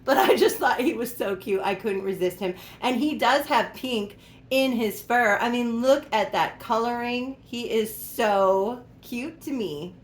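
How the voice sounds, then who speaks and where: In her room at home, a young woman shows off her doll collection in a relaxed chat to camera, doting on the dolls, giggling, and often addressing them sweetly. Her voice sits fairly high and her pace is measured. There's echo in the room and a faint hum of background noise.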